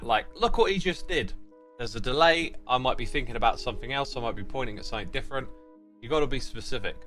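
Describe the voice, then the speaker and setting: Bright, lively British man streaming. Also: mid-range voice. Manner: thinking aloud and chatting with viewers. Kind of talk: casual livestream commentary.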